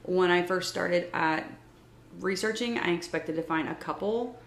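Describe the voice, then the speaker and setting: A woman's voice: lowish voice, a little slow, a little hiss or hum. A woman hosting a casual podcast, chatting with her co-host and reading facts from her notes. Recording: echoey room.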